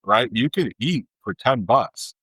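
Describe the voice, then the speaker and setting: A man's voice: mid-range voice, expressive, unhurried, pushed and bright, breathy edge, no echo, rough recording. A man hosting a podcast, talking in an emphatic, worked-up rant. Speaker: podcast host. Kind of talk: casual chat.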